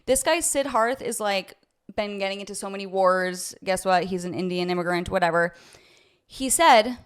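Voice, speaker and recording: A woman's voice: mid-range voice, animated, normal speed, clear, resonant tone. A woman from the United States giving a heated, opinionated commentary as a vlogger, talking to her viewers with a sarcastic edge. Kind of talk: ranting commentary to camera.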